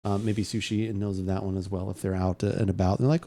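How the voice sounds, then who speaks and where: A man's voice: sits low, little pitch movement, fast, dark tone. A man hosting a podcast, chatty and joking in casual conversation. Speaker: podcast host.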